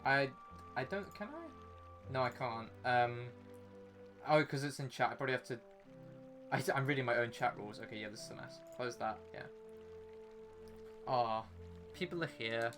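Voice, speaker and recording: A man's voice: mid-range voice, moderate pace, long pauses, music in the background. A young man streaming a game, chatting casually and rambling to his viewers, sniffly from a runny nose. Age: young adult. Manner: chatty, rambling, talks to chat and game character. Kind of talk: casual live-stream chat.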